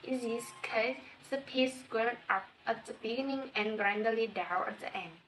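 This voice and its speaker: A woman with a Vietnamese accent reading a class presentation, slowly and carefully going through her points. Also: on the high side, a bit bright. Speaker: student presenter. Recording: distant mic with faint noise.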